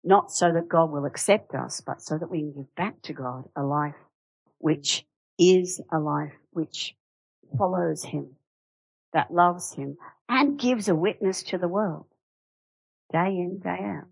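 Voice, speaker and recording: Low-voiced woman preaching a lively sermon. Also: measured pace, gravelly, breathy edge, no room sound, low-quality recording. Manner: conversational, animated, with rhetorical questions.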